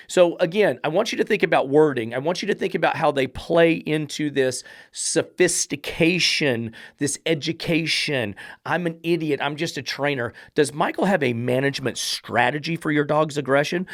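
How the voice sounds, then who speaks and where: A man's voice: a little high, expressive, normal speed, hardly any pauses, fairly bright tone, dry recording. Blunt, sarcastic man with a dry sound. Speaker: dog trainer hosting a podcast. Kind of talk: commentary reacting to a read-out text.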